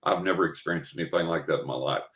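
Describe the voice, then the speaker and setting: This older interview guest from West Texas has a deep, fairly bright voice and talks rapid-fire. He tells his story with vivid drama, acting out what he was thinking, and the recording is roomy with echo.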